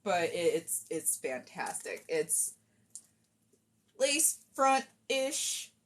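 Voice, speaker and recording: A woman's voice: on the low side, very animated, extremely slow. A woman chatting casually on a cosplay live stream, rambling and self-deprecating while she fixes a wig at home.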